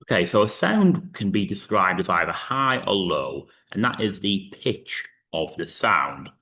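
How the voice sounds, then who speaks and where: A man's voice: deep voice, big pitch swings, a little slow, bright, forceful tone, a little hiss or hum. A man in his thirties teaching a recorded physics lesson, explaining step by step with frequent fillers. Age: 30s.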